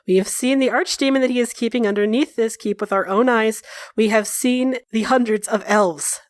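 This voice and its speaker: A woman's voice: on the high side, moderate pace, no echo, studio quality, close to an everyday voice. A woman doing a formal elf envoy. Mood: resolute. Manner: formal and earnest.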